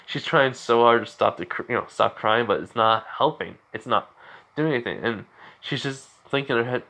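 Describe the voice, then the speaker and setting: A man's voice: mid-range voice, a little fast, gravelly, pushed and bright. A man casually retelling a fan story, rambling with constant fillers.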